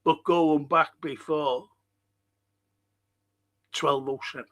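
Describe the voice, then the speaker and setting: A man's voice: a little high, steady tone, slow pace, fairly bright tone. A man hosting a live-streamed local history show, chatting casually with viewers, rambling and swearing freely.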